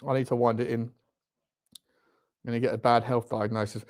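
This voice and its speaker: A man's voice: medium pitch, flat delivery, fairly quick. A man hosting a live football watchalong, chatting with viewers between outbursts at the game. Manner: chatty, reads out viewer comments, bursts into shouting at the referee and chances. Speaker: fan watchalong host.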